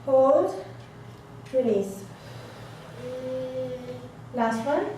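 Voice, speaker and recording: A woman's voice: sits high, sing-song, drawn-out words, mellow, soft background music. A woman presenting a live workshop, coaxing her listeners through breathing exercises with many repeated words. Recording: echoey room from far off, noisy.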